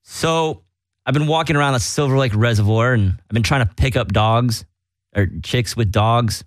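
A man's voice: mid-range voice, moderate pace, dry recording. A man hosting a casual comedic podcast from a small studio, rambling and self-mocking. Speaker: podcast host. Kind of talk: casual comedic radio chat.

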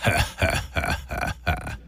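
A man's voice: animated, moderate pace. A man playing a crude, boozy Santa. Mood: sleazy, boastful. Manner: drawling, crude, low rumbling laugh. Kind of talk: comedy bit with improvised songs on guitar.

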